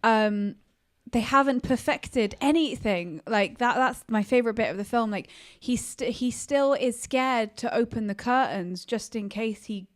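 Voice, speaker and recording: Animated female podcast co-host, casual film chat. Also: a little high, a little slow.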